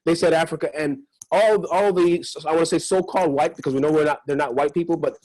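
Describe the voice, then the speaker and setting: A man's voice: a little high, quick pace, darkish tone, rough recording. A man hosting an interview who reacts eagerly and talks with many restarts and repeated words. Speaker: interview host. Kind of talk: casual interview talk.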